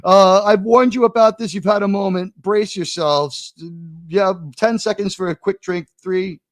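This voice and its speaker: A man with a high voice hosts a live watch-party stream and rants at the screen with sarcasm and swearing. His voice is close and dry, with no room sound. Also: moderate pace, dry recording. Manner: animated, sarcastic ranting with swearing. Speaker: show host. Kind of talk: livestream watch-party commentary.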